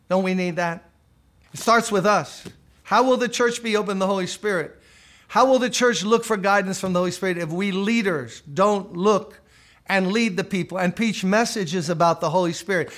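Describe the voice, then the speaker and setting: A man's voice: high-pitched, moderate pace, a bit bright. A man preaching a sermon in an emphatic way, firing rhetorical questions and dropping mocking asides.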